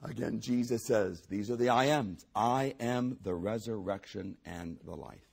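A man's voice: fairly low pitch, a little slow, creaky, a little mellow, breathy edge. A man preaching a sermon, emphatic and building to a raised voice. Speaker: pastor.

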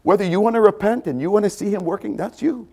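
A man preaching a sermon, emphatic and repeating key phrases, often clearing his throat. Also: high voice, fast talker, darkish tone.

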